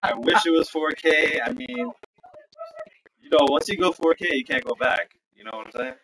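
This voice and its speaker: A man's voice: a little high, very animated, moderate pace. A man playing a game with a friend on a livestream, bantering in a laid-back way. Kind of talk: casual gaming chat. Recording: noisy sensor-mic capture.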